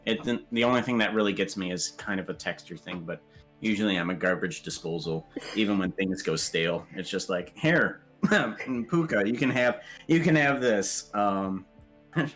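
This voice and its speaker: Low-voiced man rambling in casual chat. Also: normal speed, faint music behind. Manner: rambling and jokey, with hesitant fillers. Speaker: podcast guest.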